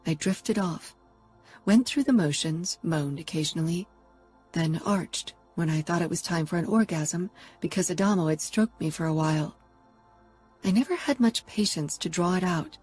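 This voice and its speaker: A woman reading a first-person romance audiobook in a steady, intimate narration. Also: lowish voice, moderate pace, breathy edge, faint music behind.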